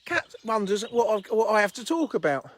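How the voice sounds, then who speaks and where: A man's voice: sits high, big pitch swings, brisk. A man hosting a casual outdoor livestream by a fishing lake, rambling bluntly and chatting with viewers. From England. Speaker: livestream host. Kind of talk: casual livestream chat reading viewer comments.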